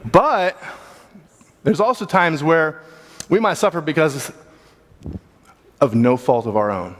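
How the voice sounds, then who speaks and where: A man's voice: fairly high pitch, lively intonation, slow, a bit bright. A man teaching a church Bible class in a casual, plain-spoken way, thinking aloud as he goes. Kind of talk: conversational Bible class talk. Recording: long hall reverb.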